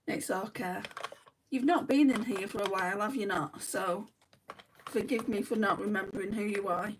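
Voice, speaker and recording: There's noise in the background as a young woman with a medium-pitched voice, speaking at a moderate pace, runs a makeup livestream from home. She answers viewer comments one by one in a relaxed chat, somewhat distant from the mic.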